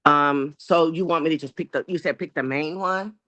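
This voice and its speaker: A woman with a lower voice shares her feelings on a video call, earnest and a little halting. The call audio is dull and lo-fi. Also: a bit bright. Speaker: group member. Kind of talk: casual sharing on a video call.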